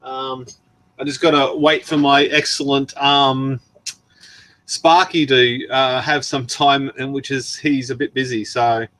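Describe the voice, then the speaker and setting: On a relaxed live stream, an Australian host reads out messages from viewers, chatting away with frequent laughter and ums. His medium-pitched, slightly bright voice moves little in pitch, he takes his time, and his throat is worn from long talking. No echo is present.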